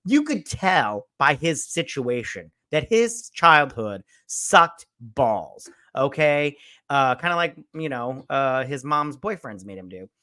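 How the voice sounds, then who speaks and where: Hosting a casual movie review full of spoilers, a man rambles, swears and leans on fillers, acting out lines with sudden leaps in pitch and volume. He is very animated but speaks at a slow pace.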